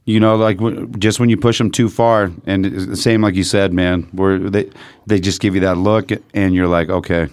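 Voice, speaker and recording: Low smooth-voiced dude bantering on a podcast, blunt, swears a ton. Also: male voice, little pitch movement, normal speed, darkish tone, dry recording, studio quality. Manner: blunt, profane, laid-back banter. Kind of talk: casual podcast chat.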